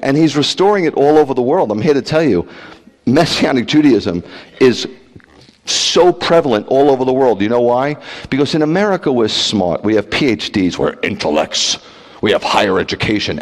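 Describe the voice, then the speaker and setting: A man preaching as a rabbi, blunt and animated, peppering the congregation with rhetorical questions and teasing jabs. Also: mid-range voice. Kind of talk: livestreamed sermon. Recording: long hall reverb.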